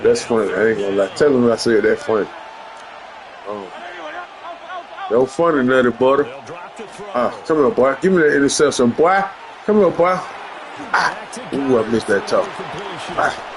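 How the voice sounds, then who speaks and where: A man streaming a football video game, loudly trash-talking his online opponent with slang and profanity. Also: mid-range voice, lively intonation, normal speed, long pauses, crowd noise. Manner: loud, boastful trash talk with heavy slang and profanity. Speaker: gamer streamer.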